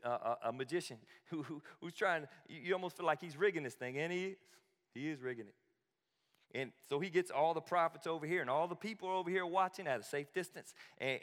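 Animated joking preacher, man, big hall. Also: medium pitch. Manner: animated, joking, laughs often. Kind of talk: humorous sermon storytelling.

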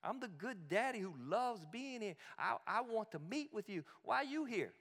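A preacher voicing God as a loving, persistent father who keeps asking the same question in a high, insistent voice. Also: sing-song, normal speed, a bit bright, in a large hall, exaggerated voice. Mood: pleading.

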